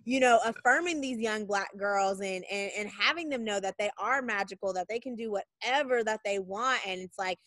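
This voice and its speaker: A woman's voice: mid-range voice, moderate pace, hardly any pauses, fairly bright tone, dry recording. Gushing podcast host woman. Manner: enthusiastic, gushing praise. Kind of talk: casual interview.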